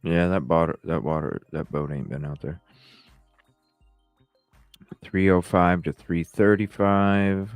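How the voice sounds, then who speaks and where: A man's voice: deep voice, fairly even intonation, slow pace, long pauses, no room sound, faint music behind. A man hosting a late-night podcast livestream, tired and yawning, talking casually with plenty of swearing as he reads and answers viewer comments. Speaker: podcast host.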